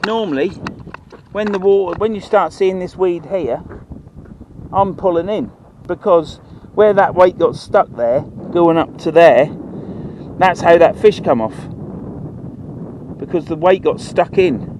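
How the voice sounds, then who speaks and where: A high-pitched, slightly mellow male voice speaks unhurriedly, with a touch of hiss or hum on the recording. He's a fishing vlogger from Norfolk, England, fishing outdoors by the water and rambling casually to camera in broad dialect.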